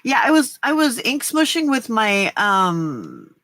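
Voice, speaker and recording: A woman's voice: on the high side, wildly swooping pitch, takes it slowly, fairly bright tone, dry recording. A woman hosting a casual late-night crafting livestream, chatting with viewers and her cats between giggles.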